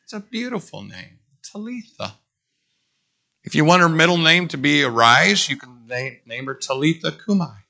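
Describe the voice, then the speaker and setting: A middle-aged man preaching a sermon, animated, breaking into whoops and joking asides. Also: a little high, a little fast, gravelly, hardly any pauses.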